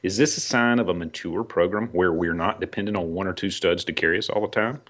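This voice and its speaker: A man's voice: low voice, fast, fairly bright tone. A man co-hosting a casual sports talk show, chatty and teasing.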